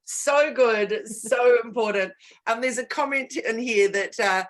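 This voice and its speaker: A woman's voice: fairly high pitch, a little slow. A woman consultant talking candidly in a casual conversation, stressing points by repeating words. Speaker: guest and business consultant.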